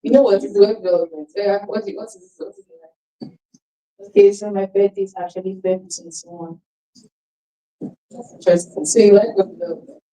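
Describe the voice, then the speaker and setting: A woman's voice: mid-range voice, fairly even intonation, a little fast, mellow, distant mic, poor audio. A woman hosting an icebreaker game with an audience, chatty and laughing often, restarting her sentences. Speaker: event host.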